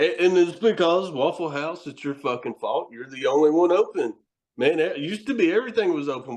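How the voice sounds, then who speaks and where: A man talking as a podcast guest, telling rambling, profane stories and laughing often as he goes. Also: mid-range voice. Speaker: guest, wrestler and horror host. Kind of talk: casual podcast chat.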